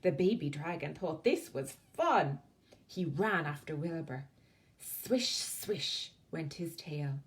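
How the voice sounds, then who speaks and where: An Irish woman reads a children's picture book aloud at an unhurried pace. Her pitch rises and falls in wide, lively swings. She softens her voice on the quiet tag lines. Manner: slow, expressive, dropping soft on the tag lines. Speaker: librarian storyteller.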